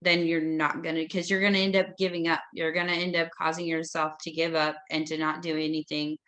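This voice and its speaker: A woman's voice: sits low, level tone, fairly quick, a bit bright. A woman taking part in a course discussion, talking casually and hesitantly with many fillers. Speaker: course participant.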